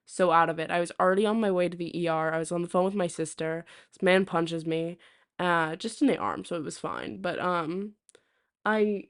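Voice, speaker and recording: A young woman streaming, telling a story to her chat in a casual, rambling way full of fillers and restarts. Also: mid-range voice. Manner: chatty, many fillers and restarts. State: hiccups.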